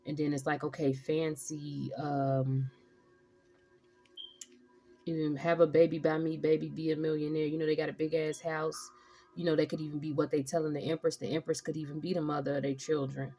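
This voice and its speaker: Low dark-toned woman rambling through a tarot reading, cussing a lot, slangy. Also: level tone, moderate pace, soft background music. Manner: rambling, profane, streetwise slang. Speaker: tarot reader.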